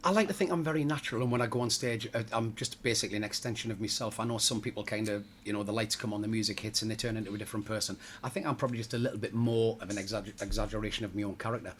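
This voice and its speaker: A man's voice: on the low side, steady tone, very fast, hardly any pauses, slight background noise. A middle-aged man, a pantomime comic chatting jokily in an interview and laughing at his own stories. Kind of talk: casual interview chat.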